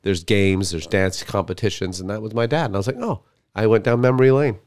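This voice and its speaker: A man's voice: fairly low pitch, quick pace, a little mellow. A man who is a comedian guest on a podcast, telling stories in a rambling, casual way with lots of fillers. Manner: rambling storyteller, many fillers.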